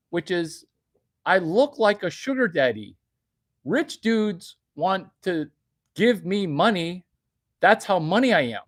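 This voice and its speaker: A brash man rants in a boastful comedic monologue, his fairly high voice swooping up and down as he brags. He takes his time over the words and leans hard on the punchlines. His voice sounds close and dry, with no room around it. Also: no room sound. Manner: brash, bragging and provocative. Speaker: vlogger.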